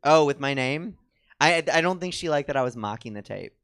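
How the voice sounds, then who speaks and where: A man's voice: a little high, expressive, brisk, fairly bright tone, clear, resonant tone. A man co-hosting a comedy show, rambling in a chatty, self-mocking way as he talks with a theater audience. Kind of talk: rambling stand-up style chat with the audience.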